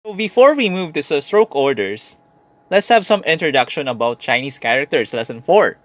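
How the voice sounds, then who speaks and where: A man's voice: on the high side, big pitch swings, normal speed, fairly bright tone, dry recording. A man with a Filipino accent teaching a recorded language lesson, switching between Tagalog and English and repeating syllables to demonstrate tones.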